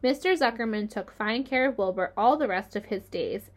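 A woman reading a children's novel aloud in a gentle storytelling voice. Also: medium pitch, normal speed. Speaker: reader.

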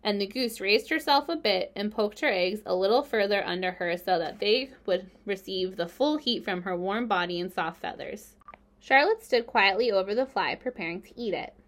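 A woman narrating a children's book aloud in a gentle, steady storytelling manner. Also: mid-range voice.

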